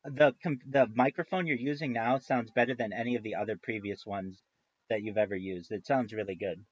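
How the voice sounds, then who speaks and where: A man's voice: fairly low pitch, fairly even intonation, brisk, husky, no room sound, dull audio. A man streaming live, chatting casually in a rambling way, with frequent restarts and free swearing.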